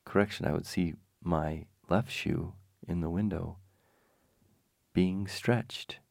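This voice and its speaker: Slow, gravelly low-voiced man. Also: fairly even intonation, a little mellow, dry recording, studio quality. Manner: wry, self-deprecating humor; digressive, frequent restarts. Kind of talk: rambling personal anecdote.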